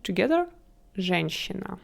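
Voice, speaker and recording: Woman tutor, talks real slow, spells words out syllable by syllable, patient. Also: medium pitch, very animated, creaky. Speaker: Russian language tutor. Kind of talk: slow language lesson.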